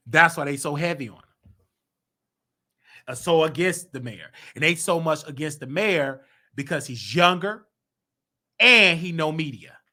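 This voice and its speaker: A man's voice: fairly high pitch, measured pace, pauses often, sharp tone. A man hosting a casual commentary monologue, talking emphatically with rhetorical questions. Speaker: host.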